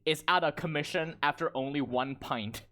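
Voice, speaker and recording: A man's voice: fairly high pitch, normal speed, bright, forceful tone. A man narrating a tabletop game as game master, in a casual, rambling way with many fillers.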